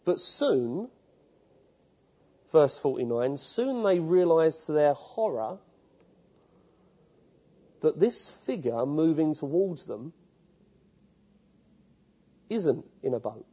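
A man's voice: fairly high pitch, very animated, takes it slowly, pauses often, mellow, husky, highs cut off. A man preaching a sermon, telling stories vividly and putting questions straight to his listeners.

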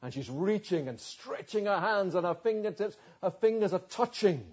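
A man preaching a sermon, retelling a story with rhetorical questions and dramatic pauses. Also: sits high, darkish tone, slightly rough, dull audio.

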